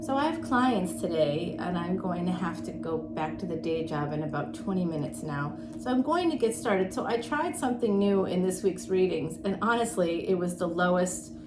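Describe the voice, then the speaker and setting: A woman's voice: expressive, normal speed, few pauses. Middle-aged woman tarot reader, breathless, chatty and self-deprecating, echoey room. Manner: chatty, self-mocking, with frequent laughs. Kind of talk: casual chatty monologue. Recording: roomy echo with faint rumble.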